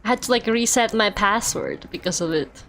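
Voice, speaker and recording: A young Russian woman streams a game, chatting casually at a moderate pace in a medium-pitched, slightly bright voice with slight background noise. She rambles, uses lots of fillers, and laughs often.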